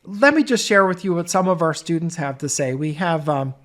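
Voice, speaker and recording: A man's voice: a little high, expressive, fairly quick, fairly bright tone. A man giving an informal course presentation, telling stories in a conversational way. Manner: conversational storytelling. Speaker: business course instructor.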